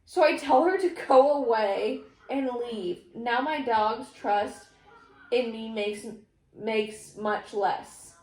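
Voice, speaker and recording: A woman vlogger reading stories aloud in a casual, animated way, often laughing. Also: on the high side, takes it slowly. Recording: echoey room.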